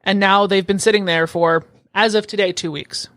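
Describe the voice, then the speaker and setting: A woman co-hosting a podcast, chiming in quickly with mocking jabs. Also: mid-range voice, steady tone, a bit bright, dry recording, clean studio sound. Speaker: podcast co-host. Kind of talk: casual political chat.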